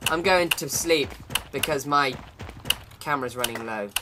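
A man gives loose, joking commentary over a horror game, bickering with its characters and swearing freely. His voice sits mid-range, and a steady layer of background noise runs under the recording. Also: mid-range voice, measured pace, long pauses. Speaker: gamer playing a horror game. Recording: noisy home recording.

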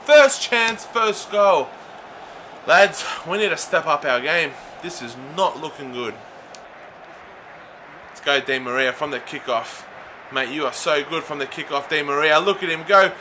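Young man as gaming commentator: high, bright voice, excitable, bursts into shouts at near misses. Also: unhurried, a little hiss or hum. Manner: chatty, addresses viewers as lads. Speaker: gaming YouTuber. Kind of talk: live video game commentary.

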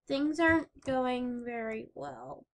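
High slow-talking woman hamming up a game, dramatic cries and whimpers. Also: creaky. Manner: melodramatic, shouts and whimpers. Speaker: game player voicing characters. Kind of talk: playful melodramatic game voice-over.

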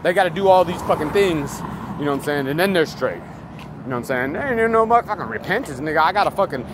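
A male vlogger with a high, animated voice delivers a rambling, profane, emphatic monologue at a quick pace outdoors. Loud street and vehicle noise fills the recording.

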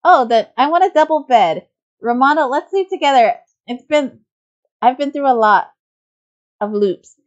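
A woman's voice: sits high, animated, normal speed, muffled recording, pitched above the performer's own voice. A woman voicing a cheerful, clingy young man who personifies Italy, bubbly and a bit whiny, in a fan voice-over of a game.

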